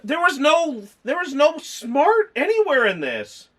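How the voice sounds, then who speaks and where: A man's voice: very high voice, wildly swooping pitch, a little slow, few pauses, a bit bright. A man chatting casually through a movie review, rambling and acting out scenes in mock voices. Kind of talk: casual film review chat.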